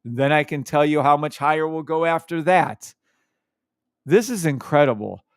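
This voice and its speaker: A man's voice: on the high side, moderate pace, clean tone, no echo, clean studio sound. A man hosting a live trading stream, explaining charts in a hyped, teasing chat with his viewers and humming along.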